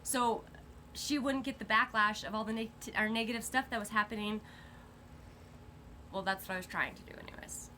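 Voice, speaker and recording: Bright-voiced indignant mother. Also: a little high, steady tone, slight background noise. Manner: indignant, rapid recounting of dates and events. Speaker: mother telling her family's story. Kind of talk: casual recorded conversation.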